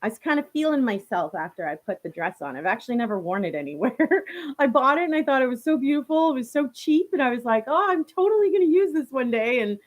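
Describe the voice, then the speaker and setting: A woman's voice: on the high side, animated, quick pace. A young woman from Canada hosting a casual live stream. She chats with viewers, reads their comments, laughs often and uses many fillers. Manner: chatty and warm toward viewers, laughs often, many "like" and "you know" fillers.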